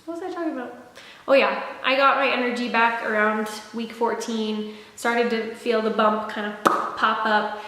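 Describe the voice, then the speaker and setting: A woman's voice: a little high, fairly even intonation, normal speed, bright, forceful tone. A young woman vlogging a casual pregnancy update, chatty and rambling with many fillers and restarts, a little out of breath. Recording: very echoey room with long reverb.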